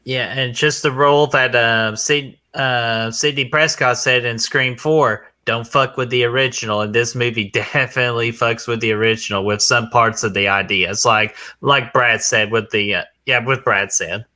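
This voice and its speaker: A man co-hosting a movie review podcast, chatting casually, swearing freely and quick to laugh. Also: medium pitch, fairly even intonation, bright, forceful tone. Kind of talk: casual chat.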